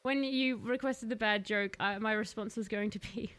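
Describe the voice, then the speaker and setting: Bright-voiced woman gaming streamer. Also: on the high side, slow, pauses often. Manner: chatty, answers chat, laughs often. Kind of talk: casual gaming live-stream commentary.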